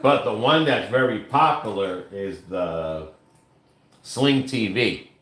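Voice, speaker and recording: A man co-hosting a casual home livestream, explaining things slowly with halting fillers while reading out viewer comments. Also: on the low side, animated, fairly bright tone. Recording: echoey room.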